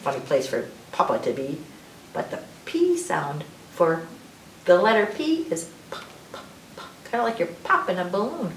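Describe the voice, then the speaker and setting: A woman reading an alphabet picture book aloud to children, with drawn-out letter sounds. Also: fairly low pitch, big pitch swings, roomy sound, distant mic, slight background noise, rough recording. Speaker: librarian storyteller.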